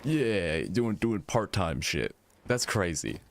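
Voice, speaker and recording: A man's voice: sits low, big pitch swings, slow pace, gravelly. A man streaming, chatting casually and reacting with slang and laughter.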